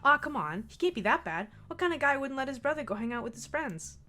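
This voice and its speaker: A woman's voice: high voice, big pitch swings, fast talker, sharp tone, soft background music, voice pushed up, exaggerated voice. A woman voicing a cheerful, goofy teenage boy who talks in an upbeat, chatty way.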